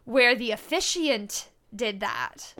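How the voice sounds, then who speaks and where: A woman in her thirties co-hosting a casual chat, animated and blunt, swearing freely. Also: a little high, slow pace. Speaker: podcast co-host.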